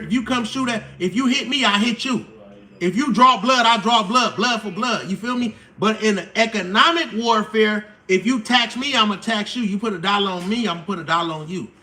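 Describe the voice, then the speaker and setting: A man, hosting a casual live stream explainer, slangy and animated, acting out quotes. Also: extremely high pitch, a little hiss or hum.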